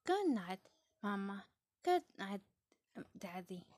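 A woman reading aloud, voicing a curious little girl piglet in an excited, questioning way, partly whispered. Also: medium pitch, takes it slowly. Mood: eager. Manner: excited, bright and questioning, with soft whispered stretches.

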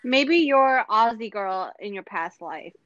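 A woman co-hosting a casual chat, joining in with quick, chatty asides. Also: mid-range voice, expressive, fairly bright tone, dry recording. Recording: dull lo-fi audio.

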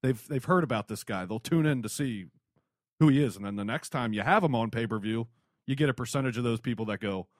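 A man's voice: medium pitch, fast talker, no echo, studio quality. Blunt man co-hosting a boxing podcast. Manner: blunt, restarts often, laughs along. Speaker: podcast co-host. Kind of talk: casual boxing chat.

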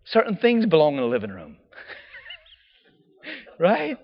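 Guy preaching, high voice, talks casual with slang, dull sound with long echo in a church. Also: a little slow. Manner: animated, casual slang, acts out quotes. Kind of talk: sermon.

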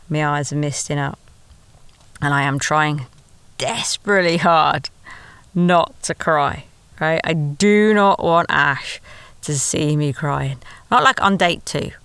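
A woman recounting her own story in a chatty, confiding way, poking fun at herself as she goes. Her voice is smooth and clear. It is recorded close and dry, with no room sound. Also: low voice, fairly bright tone, no room sound. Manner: confiding, self-deprecating, chatty asides. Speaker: podcast storyteller. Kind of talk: first-person storytelling.

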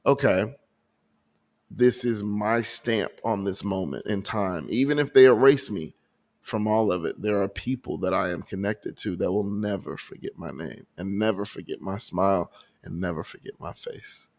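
A podcast host with a voice on the low side speaks at normal speed into a desk microphone, talking earnestly and emotionally about his month in a reflective personal audio journal. He often restarts his sentences and repeats words.

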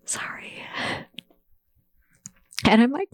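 A woman's voice: lowish voice, a little slow, vocal fry, pauses often, darkish tone, dry recording, studio quality. A woman hosting her own podcast, speaking in an earnest, emotional and confessional monologue. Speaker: podcast host.

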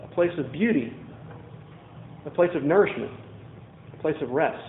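Preacher from Louisiana in echoey church. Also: male voice, fairly high pitch, animated, normal speed, phone-quality sound, slight background noise. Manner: conversational storytelling preacher, asks the congregation questions. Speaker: pastor. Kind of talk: sermon.

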